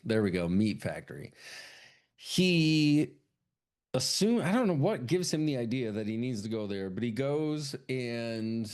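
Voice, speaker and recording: Profane man recapping a movie. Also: darkish tone. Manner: profane, acts out characters in quick high put-on voices. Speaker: podcast co-host. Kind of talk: casual chat recapping a film.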